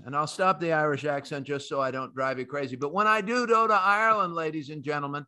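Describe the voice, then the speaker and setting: A man's voice: fairly high pitch, quick pace, few pauses, sharp tone, clean tone. An American man hosting a market commentary podcast, emphatic and opinionated, talking straight to his listeners. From United States. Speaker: podcast host.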